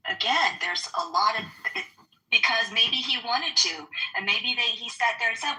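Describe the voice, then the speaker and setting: Halting woman debater, very bright tone. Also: a little high, low-quality recording. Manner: halting, restarts, questioning. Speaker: speaker in a debate. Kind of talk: casual debate.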